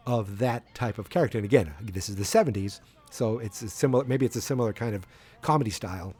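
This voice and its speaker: A man's voice: lowish voice, a little fast, darkish tone, breathy edge. A man hosting a podcast who gives a casual, rambling recap of a sitcom episode, full of fillers and restarts. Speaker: podcast host.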